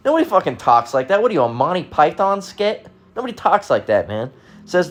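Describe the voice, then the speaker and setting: A man's voice: on the high side, sing-song, brisk. An American man ranting casually in a heated, profane and sarcastic way, often restarting his sentences. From United States. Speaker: vlogger. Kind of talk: casual rant.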